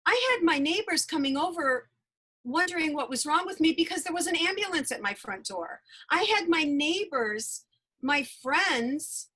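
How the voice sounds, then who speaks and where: This rough recording captures an energy healer, a woman guest on an interview, whose high voice has a fairly bright tone. She tells her own story with earnest emphasis, circling back to the same phrases again and again.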